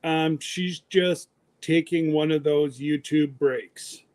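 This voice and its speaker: A man with a notably high voice hosts a relaxed livestream chat. He talks in quick, teasing bursts, bantering with his guests. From Canada. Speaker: host.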